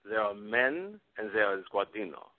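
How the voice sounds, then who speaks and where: A man's voice: on the low side, lively intonation, moderate pace, dry recording, close to an everyday voice. A man putting on a boastful male love expert with a Venezuelan accent, who brags about himself by name, heard over a tinny phone line. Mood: smug boasting. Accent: Venezuelan Spanish. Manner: self-adoring, speaks of himself by name.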